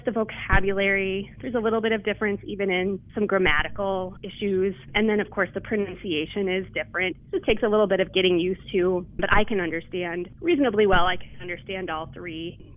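A woman's voice: medium pitch, no echo. A woman calls in to a radio interview, telling her story in a chatty, eager way with frequent restarts. Her voice comes through a thin, tinny phone line. The sound is dry, with no room around it. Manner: chatty, enthusiastic, many restarts. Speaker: interview guest, linguist. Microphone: telephone.

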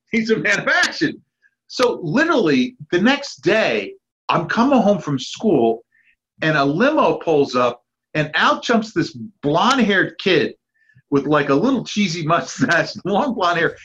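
A man in his fifties, a guest on a podcast, telling lively anecdotes and acting out the people in them. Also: sits high, low-quality recording. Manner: lively anecdotes with acted-out quotes and laughs. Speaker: guest, park founder's son. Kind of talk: animated storytelling.

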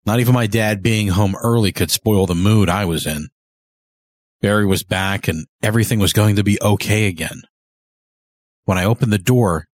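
A man reading a horror story aloud in first person, measured and often slowing down for tension. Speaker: narrator. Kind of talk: scripted horror story narration. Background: faint cello and double bass score.

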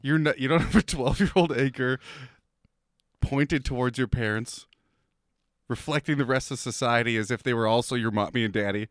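A man co-hosting a podcast in casual banter, loud and mocking, often yelling and laughing. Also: medium pitch, normal speed, no echo, studio quality. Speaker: podcast co-host.

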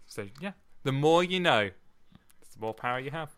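A man's voice: mid-range voice, animated, moderate pace, fairly bright tone, clear, resonant tone. A man co-hosting a podcast, chatty and joking as he rambles through a sonnet. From Britain. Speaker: podcast co-host. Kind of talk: casual podcast chat.

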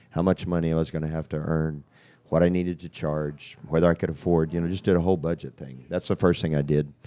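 Man, very deep voice, dark tone, matter-of-fact story. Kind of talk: telling a personal story.

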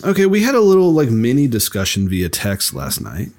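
A man co-hosting a podcast in relaxed chat, rambling with lots of fillers and restarts. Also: medium pitch, a little fast. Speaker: podcast co-host. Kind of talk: casual chat.

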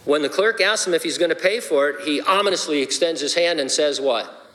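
A man's voice: fairly high pitch, a little fast, a bit bright, a little hiss or hum. A man, a pastor, preaching a sermon with playful, joking asides. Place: church sanctuary. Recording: long hall reverb.

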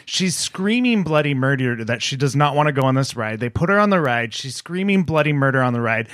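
A man's voice: medium pitch, lively intonation, a little fast, fairly bright tone, no echo, studio quality. A man telling a rambling anecdote in a casual chat.

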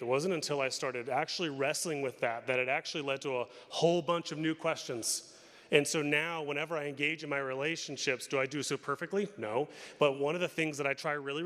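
A man's voice: fairly high pitch, fairly bright tone. A man as a pastor, preaching a sermon in a candid, storytelling way and poking fun at himself. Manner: candid, storytelling, self-deprecating. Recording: long reverb of a hall.

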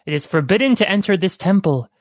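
A man reading the part of a grave old temple monk, speaking slowly and solemnly. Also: sits high, expressive, no echo, clean studio sound. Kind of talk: reading a story aloud with friends.

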